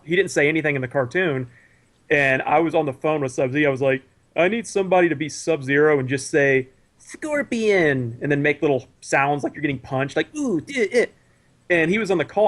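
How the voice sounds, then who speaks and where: A man guesting on a casual podcast over a video call, telling stories in a rambling, animated way with lots of restarts. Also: on the high side. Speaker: guest, cartoon creator.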